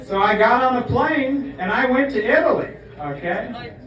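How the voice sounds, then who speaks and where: A man's voice: extremely high pitch, animated, normal speed, fairly bright tone. A man telling a comic story with mock earnestness, often tagging lines with "okay?". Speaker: comedian. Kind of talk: comedic storytelling monologue. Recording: echoey room, far from the mic.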